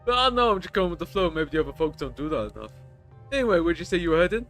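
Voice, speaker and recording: A game streamer voices a chatty, rough male stranger on a bus who rambles through crude stories. The mid-range voice is sing-song, very fast and a bit bright, with soft music in the background.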